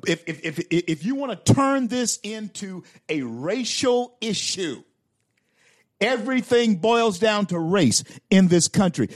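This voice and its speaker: A man's voice: high voice, darkish tone, no echo, studio quality. A man hosting a talk show, giving opinionated political commentary with emphatic repetition and stammered restarts. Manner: emphatic, repeats lines for effect.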